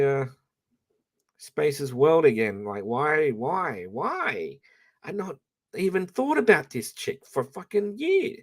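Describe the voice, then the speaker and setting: An Australian man ranting casually to his live-stream audience, blunt and profane, rambling with frequent restarts. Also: on the low side.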